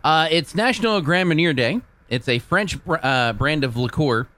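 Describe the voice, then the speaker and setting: A man's voice: on the high side, normal speed. A man co-hosting a sports radio show, reading the day's events and teasing his co-hosts with a laugh. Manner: animated, teasing, laughs often. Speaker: co-host reading the day in history. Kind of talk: casual sports radio banter.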